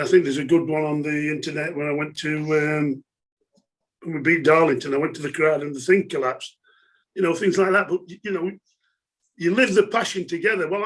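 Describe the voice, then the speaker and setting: A middle-aged Englishman with a fairly high, somewhat bright voice appears as a guest, chattily sharing stories from his football career. The casual interview is full of his laughter and plenty of filler words.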